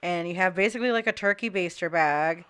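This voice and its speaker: Bright-voiced St. Louis woman, laughing storyteller. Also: on the low side, brisk. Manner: laughing storyteller, lots of fillers. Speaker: podcast guest. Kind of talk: casual chat.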